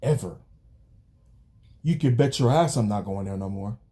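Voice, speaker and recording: A young man venting angrily on a vlog, yelling and swearing about his job. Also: lowish voice, expressive, normal speed. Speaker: vlogger. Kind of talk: angry rant vlog.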